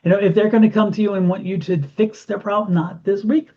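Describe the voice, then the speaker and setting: Animated high-voiced man reading tarot. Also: fast. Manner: animated, repeats phrases for emphasis. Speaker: tarot reader. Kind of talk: intuitive tarot reading to camera. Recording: dull lo-fi sound.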